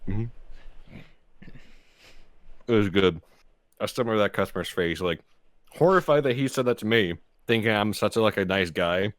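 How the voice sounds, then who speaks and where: A man's voice: fairly low pitch, animated, moderate pace, long pauses, no room sound. A young man co-hosting a podcast, telling profane stories about his job and laughing often. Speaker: podcast co-host. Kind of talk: casual storytelling chat.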